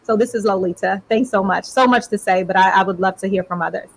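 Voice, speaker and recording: A woman's voice: medium pitch, fast talker, gravelly, poor audio. A woman panelist speaking in an earnest, encouraging and rhetorical way in a panel discussion.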